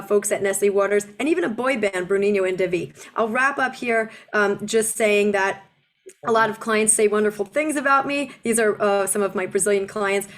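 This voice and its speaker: A woman in her forties, an accent reduction coach, giving a webinar presentation and slowing down to model pronunciation. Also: mid-range voice. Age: 40s. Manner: explanatory, slows down to model pronunciation.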